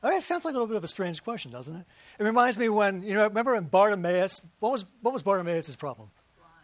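A man with a high-pitched voice preaches a relaxed, conversational sermon. He keeps throwing rhetorical questions and quick asides at his congregation. The sound is close and dry, with almost no room around it. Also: no echo. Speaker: pastor.

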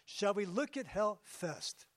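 Guy doing old yiddish-accent God in a sermon joke, chatty and wry, high pitched. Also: very animated, takes it slowly, dry recording, studio quality, exaggerated voice. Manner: chatty, fussy, kindly. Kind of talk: comic joke-telling in a sermon.

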